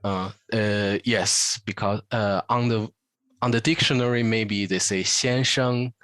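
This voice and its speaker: A man from northern China with a Chinese accent, a Mandarin teacher explaining language points in a casual interview, pausing often with "uh" fillers. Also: lowish voice, fairly even intonation, fairly bright tone, no echo. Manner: hesitant, many "uh" fillers, models Mandarin phrases.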